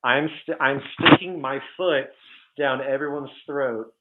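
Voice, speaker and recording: A man's voice: mid-range voice, a little slow, heavy background noise. A man talking in a casual chat as a guest, blunt and candid, calling himself petty, over a remote call. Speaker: guest developer. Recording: tinny phone-like call audio.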